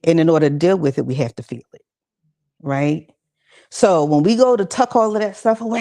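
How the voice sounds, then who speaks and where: With a warm, low-sitting voice and a slightly fast delivery, a woman gives a conversational, encouraging talk on mental health at a church session. She adds casual asides to the audience, who respond during the gathering.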